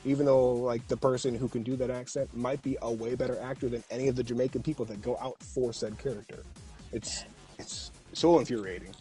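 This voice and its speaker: A man's voice: mid-range voice, steady tone, brisk, mellow, faint music behind. A middle-aged man, a voice actor guesting on a podcast, speaks emphatically and with passion in a heated discussion. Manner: emphatic, impassioned.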